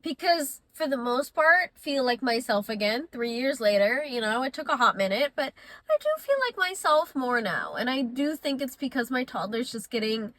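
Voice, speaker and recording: A young woman with a high, bright voice talks straight to her camera in a candid confessional vlog. She is chatty and openly emotional, close to tears one moment and laughing the next. The recording is close and dry, with no room sound. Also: expressive, normal speed, no room sound. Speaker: mom vlogger.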